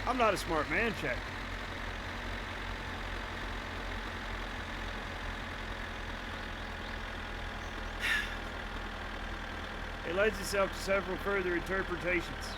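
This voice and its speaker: A man's voice: high voice, drawn-out words, long pauses, very noisy. A man streaming a game, chatting casually, joking, swearing and often laughing. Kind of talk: casual livestream commentary.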